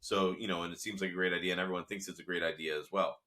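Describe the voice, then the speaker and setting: Fast-talking low-voiced man recapping a show. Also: fairly even intonation, bright, forceful tone. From Italian-American. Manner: conversational, rambling asides and quick retellings of scenes. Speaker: podcast host recapping a TV series. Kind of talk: casual episode recap talk.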